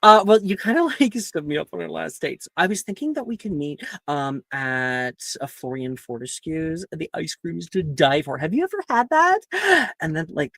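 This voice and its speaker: A giggly young witch girl, lovesick and rambling, chattering high and bright as a man puts her on. She circles coyly around what she wants, and the voice is dry and close to the mic. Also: creaky, no echo, full character voice.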